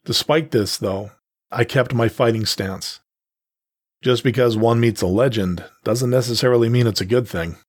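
A man narrating a first-person story in a steady, measured way. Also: mid-range voice, no echo, clean studio sound.

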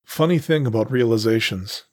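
A man narrating a first-person story in a steady, measured way. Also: mid-range voice, no echo.

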